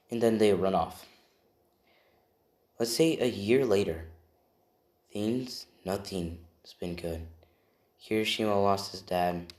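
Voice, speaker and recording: Low-voiced man rambling through a story. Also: slow pace, pauses often, a little mellow, reverberant, a little hiss or hum. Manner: rambling, self-correcting, tells it off the cuff. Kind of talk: improvised fan story narration.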